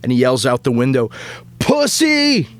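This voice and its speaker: A man in his thirties, a comedian guest on a casual podcast, telling animated stories with frequent stammered restarts. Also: medium pitch, moderate pace, dry recording. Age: 30s.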